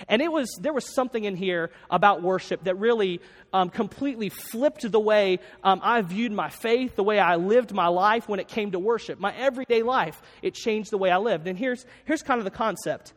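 A pastor with a notably high voice delivers a sermon in a casual, chatty way, restating each main point twice. His voice rings out through a large church space with a long, trailing reverb. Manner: conversational, repeats key lines for note-taking. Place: church sanctuary with a congregation.

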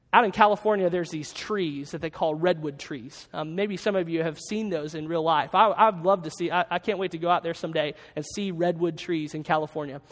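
Man, pastor, earnest sermon, halting delivery, long echo of a hall. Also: fairly high pitch. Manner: earnest, halting, with many restarts.

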